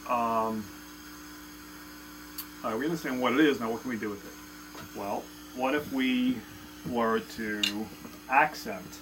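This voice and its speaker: A man's voice: mid-range voice, unhurried, long pauses, noisy background. A man teaching a casual drum lesson, counting beats and chanting stroke names aloud in a loose, chatty way. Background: loud drumming.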